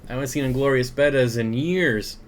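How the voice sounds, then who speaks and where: A young man with a medium-pitched voice talks a little fast while hosting a casual aquarium livestream on a desk mic. He greets viewers by name and reads out their comments, chuckling often.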